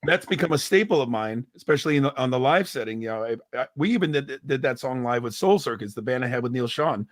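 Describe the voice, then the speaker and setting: A singer in his fifties, appearing as a guest on a casual video call, tells stories in an animated way, often repeating words as he starts a thought. His mid-range voice comes fast with few pauses, and the recording is dry and studio quality.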